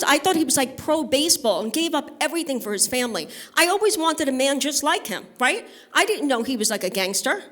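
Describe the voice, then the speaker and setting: A woman's voice: a little high, fairly bright tone. A woman from Brooklyn, doing a brash, chatty stand-up set on stage with bawdy stories and crowd work. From Brooklyn, New York. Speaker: stand-up comedian. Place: on stage at a live benefit event.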